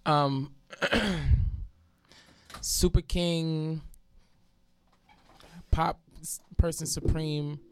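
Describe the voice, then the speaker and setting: A woman's voice: low voice, flat delivery, drawn-out words, long pauses, clear, resonant tone, dry recording. A woman, hosting a casual radio chat show with loose, joking, profane talk and slightly congested sinuses. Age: 20s. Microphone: studio mic.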